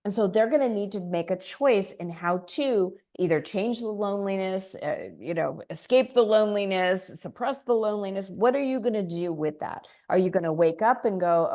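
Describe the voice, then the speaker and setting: A woman in her fifties, a spiritual teacher chatting as an interview guest and telling lively stories with little acted-out voices. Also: medium pitch, moderate pace, hardly any pauses. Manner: animated storyteller, acts out quoted voices. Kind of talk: casual interview chat.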